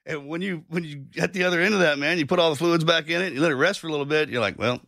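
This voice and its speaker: Fast-talking gravelly folksy man. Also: fairly high pitch, a bit bright, dry recording, clean studio sound. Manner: folksy, rambling analogies, swears. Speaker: podcast host. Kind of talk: casual podcast chat.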